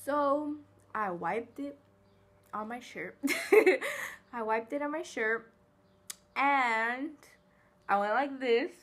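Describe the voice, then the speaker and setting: This vlogger has a high voice and speaks very slowly, pausing often. Chatty and giggly, she animatedly tells funny personal stories to the camera in a casual way.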